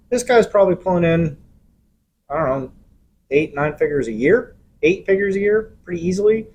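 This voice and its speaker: A middle-aged man spins a rambling story in loose conversational talk, slipping in quoted lines as he goes. His voice sits a little high for a man, and faint noise hums under the recording. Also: lively intonation, normal speed, darkish tone, rough recording. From Los Angeles area. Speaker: podcast co-host. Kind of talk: casual chat, storytelling.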